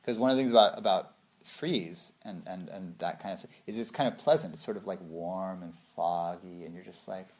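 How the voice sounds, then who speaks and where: A man in his thirties giving a casual meditation talk, acting out little quotes with big swings of voice. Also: fairly quick. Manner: animated storytelling, acts out quotes with big pitch swings. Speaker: meditation teacher.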